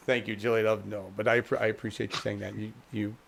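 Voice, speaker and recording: A man's voice: on the low side, level tone, fast, creaky. A man hosting a casual livestream chat show, talking in a rambling, chuckling, self-deprecating way. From United States. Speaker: host.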